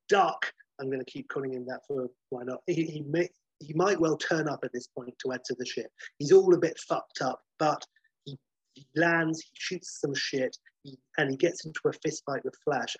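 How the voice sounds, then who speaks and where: A man's voice: on the high side, slightly rough, no room sound, rough recording. A man casually recapping a film plot, rambling and swearing freely, with lots of ums.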